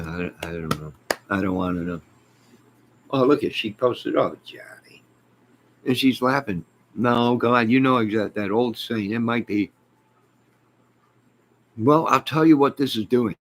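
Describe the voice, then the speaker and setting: A middle-aged YouTube live host with a low-pitched voice rambles from home in a casual live chat, answering his viewers' comments with exasperation.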